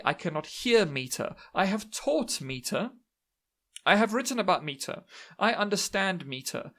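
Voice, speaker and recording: A man's voice: on the high side, fairly bright tone. A man giving a casual online lecture on poetry in a chatty, self-deprecating way that often adds "right?". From South Africa.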